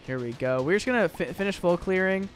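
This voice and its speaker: A man's voice: high-pitched, expressive, quick pace, soft background music. A young man rambling through casual gameplay commentary, full of fillers and restarts. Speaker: gaming YouTuber.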